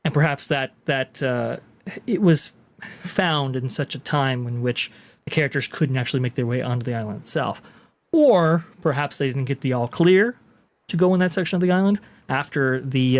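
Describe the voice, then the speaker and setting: A man hosts a podcast, commenting casually on video clips in a chatty, explanatory manner full of fillers. His voice is medium in pitch and moderately paced.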